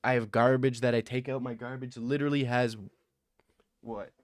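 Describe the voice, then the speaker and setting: A man's voice: medium pitch, flat delivery, moderate pace, no room sound, clean studio sound. A young man streaming live, answering his chat with defensive, joking replies and a lot of "bro.". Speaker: livestreamer reading chat. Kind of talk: casual livestream chat.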